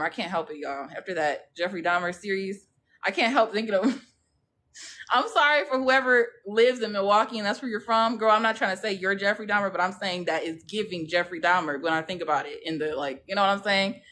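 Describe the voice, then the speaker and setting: A woman's voice: medium pitch, fairly bright tone. Chatty, gossipy woman livestreaming. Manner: chatty, gossipy, slangy, keeps checking in with "okay?". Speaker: true crime livestream host. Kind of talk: casual chat with live viewers.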